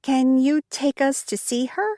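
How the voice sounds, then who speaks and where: A plain-spoken woman states things simply and directly, voiced by a woman. Her delivery is slow and measured, and the sound is dry. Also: sits high, mellow, no echo, voice pushed up.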